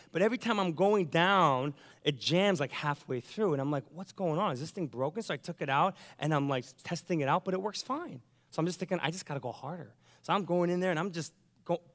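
A man's voice: fairly high pitch, a bit bright, in a large hall. A pastor telling a personal story in a sermon, acting out his own thoughts and the lines of others as he goes.

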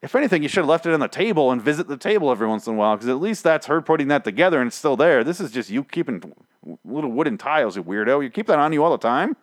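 A man's voice: a little high, expressive, racing, no room sound, studio quality. A young man giving a casual spoken show recap, rambling and profane, full of restarts.

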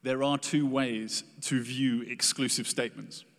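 Male preacher, mid-pitched, earnest and emphatic, recorded in a reverberant hall. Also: steady tone, a little slow. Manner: earnest, emphatic, acts out quoted prayers. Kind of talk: sermon.

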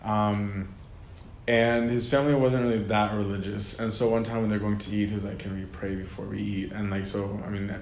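A man's voice: on the low side, fairly even intonation, normal speed, a little mellow. A man giving a casual lecture, talking conversationally with lots of fillers and frequent laughter. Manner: conversational, filler-heavy, often laughs mid-sentence. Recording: echoey room with faint ambient noise.

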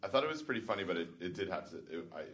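A man's voice: low voice, sing-song, rapid-fire, a bit bright, a little hiss or hum. A man with a Canadian accent co-hosting a podcast in casual chat, laughing often. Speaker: podcast co-host.

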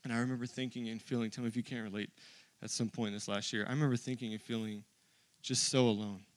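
A male pastor giving a sermon in a casual, confiding way, often saying "dude" and "like". He moves from quiet storytelling to loud, fervent preaching. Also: fairly even intonation, quick pace, no room sound. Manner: builds from quiet, low storytelling to loud, high-pitched preaching.

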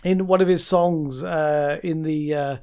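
A man's voice: fairly high pitch, steady tone, measured pace, a little mellow. A man co-hosting a casual chat, talking in a rambling way with many restarts. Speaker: co-host.

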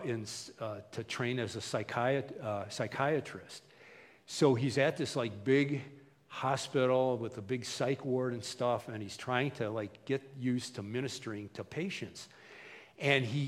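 Man, pastor, conversational sermon, acts out quotes, long hall reverb. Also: mid-range voice.

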